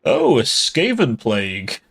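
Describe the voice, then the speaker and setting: A man's voice: mid-range voice, wildly swooping pitch, slow, a bit bright, breathy edge. A man casually commenting on his own live strategy gameplay, joking and swearing as he plays. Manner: joking, sweary, mock-offended. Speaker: streamer.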